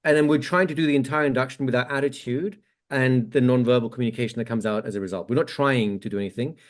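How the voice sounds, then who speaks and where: A man's voice: medium pitch, fast talker. Man coaching a hypnosis class. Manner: explains step by step, checks in with "right?". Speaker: hypnosis instructor. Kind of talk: teaching demonstration.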